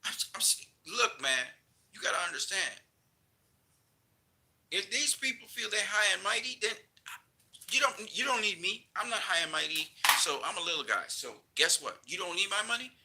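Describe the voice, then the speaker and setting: A man's voice: sits high, lively intonation, moderate pace, pushed and bright, poor audio. A man ranting in a casual video commentary, heated and emphatic, repeating his points. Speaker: vlogger.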